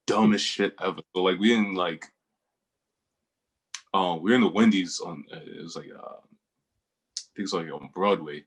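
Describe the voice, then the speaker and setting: Low, husky-voiced young man telling stories. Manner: laid-back slangy storyteller, laughs often. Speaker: podcast co-host. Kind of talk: casual storytelling chat.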